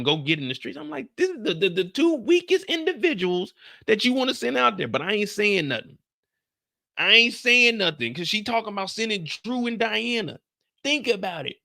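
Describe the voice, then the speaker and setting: A man's voice: high voice, vocal fry. A man on a casual live stream, retelling a TV episode with slang and acted-out lines. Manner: animated storytelling, acts out characters' lines with slang and cursing.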